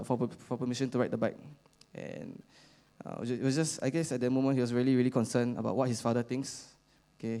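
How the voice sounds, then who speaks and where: A young man with a Singaporean English accent telling a story as a youth church speaker, halting with many fillers and casual slang particles. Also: medium pitch, creaky, mellow. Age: young adult.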